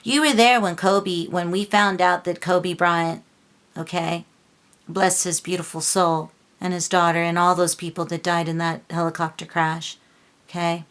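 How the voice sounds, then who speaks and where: Woman doing a tarot reading, kinda low voice, gets fired up and scolds, lots of um and you know. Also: a bit bright. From Los Angeles. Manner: impassioned, scolding, lots of filler and restarts. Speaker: tarot reader.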